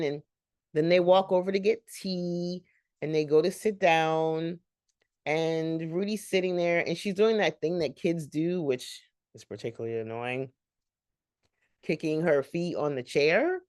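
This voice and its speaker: A woman's voice: lowish voice, a little slow, a little mellow, clean tone, dry recording, studio quality. A woman hosting a reaction channel, recapping a sitcom episode in a chatty, rambling way with laughing asides.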